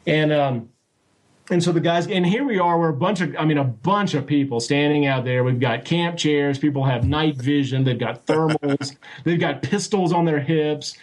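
A man telling a story as an interview guest, animated and full of restarts and acted-out quotes. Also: a little high, moderate pace. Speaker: guest recounting a sighting. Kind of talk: casual storytelling.

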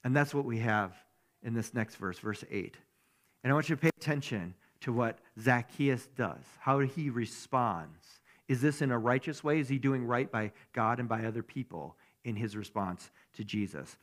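A man's voice: medium pitch, lively intonation, normal speed, fairly bright tone. Man preaching with rhetorical questions. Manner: keeps asking rhetorical questions. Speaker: pastor. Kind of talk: conversational sermon.

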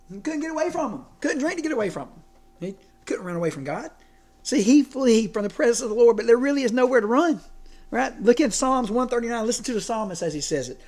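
A man preaching a sermon as pastor, conversational and animated with self-deprecating asides. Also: high-pitched, fairly quick.

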